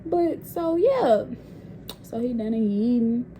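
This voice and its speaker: A woman's voice: on the high side, sing-song, unhurried, mellow, a little hiss or hum. A young woman telling a personal story in a casual vlog, candid and profane. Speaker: vlogger.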